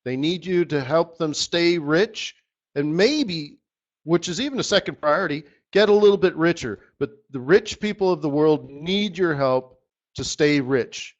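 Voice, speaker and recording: A man hosting a live currency trading session, giving a rambling, animated motivational talk to his viewers. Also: on the high side, a little slow, muffled recording. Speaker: forex market strategist hosting a live session.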